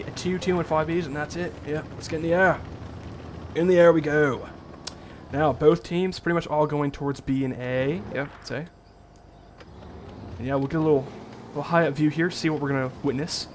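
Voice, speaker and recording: Rambling casual male game caster, fairly high. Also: a little hiss or hum. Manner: casual, rambling, self-correcting. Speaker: esports caster. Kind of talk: live game commentary.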